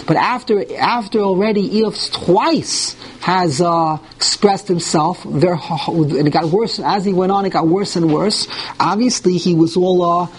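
A man whose slightly rough voice sits high teaches a verse-by-verse Torah class to live listeners at an unhurried pace. He reads Hebrew verses, translates and explains them, frequently restarting phrases and leaning hard on the harsh words.

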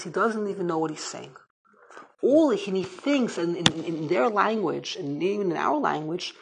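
A man teaching a rambling, animated Torah class on the Haggadah, full of Hebrew and Yiddish terms. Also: high voice, creaky, breathy edge, poor audio.

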